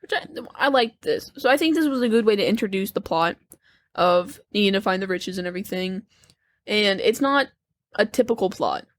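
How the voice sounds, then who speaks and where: A woman's voice: mid-range voice, animated, normal speed, no echo. A woman co-hosting a casual movie review podcast, chatty and full of opinions, using lots of "like" and "I think.". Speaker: podcast co-host.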